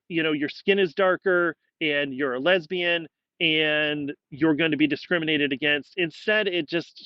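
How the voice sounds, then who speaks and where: A man's voice: high-pitched, no echo, lo-fi sound. A man giving a casual spoken movie review, exasperated and rambling, with frequent restarts.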